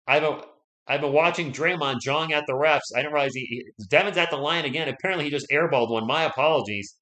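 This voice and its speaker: A man hosting a live stream, giving casual play-by-play commentary, chatty and excitable, and talking straight to his viewers. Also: a little high, fast talker. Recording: echoey room.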